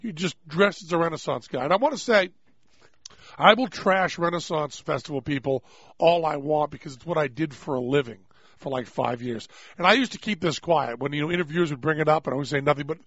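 A man's voice: a little high, a bit bright, no echo. A man hosting a radio show, chatting loosely, joking and laughing as he rambles. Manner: rambling, jokey, quick to laugh. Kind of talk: casual radio talk. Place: radio studio. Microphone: studio microphone. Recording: dry, dull-toned studio sound.

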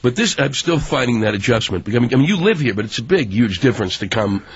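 A man's voice: medium pitch, lively intonation, quick pace, slightly rough, no room sound. A man, a stand-up comedian, in a casual chat, talking in a rambling, self-deprecating way. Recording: dull lo-fi audio.

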